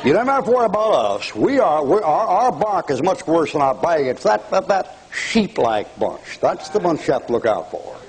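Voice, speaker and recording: Taunting older preacher, animated pitch. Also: male voice, moderate pace, few pauses, a crowd in the background, poor audio. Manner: taunting, mocking audience, bursts of laughter. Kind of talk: televised fire-and-brimstone sermon.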